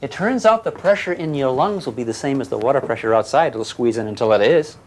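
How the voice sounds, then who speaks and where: A man's voice: mid-range voice, expressive, fast, a little hiss or hum. An older man giving a physics lecture to a class, teasing and questioning his students as he explains. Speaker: physics teacher.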